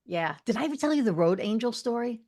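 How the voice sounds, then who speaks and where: A woman from Long Island, a podcast guest, telling a personal story in casual chat and checking in with quick asides. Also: on the high side, expressive, a little mellow.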